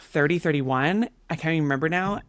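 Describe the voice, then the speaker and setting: A woman in her thirties, a podcast guest, telling a story in a casual, animated way with many fillers. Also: sits low, quick pace, dry recording. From Canada.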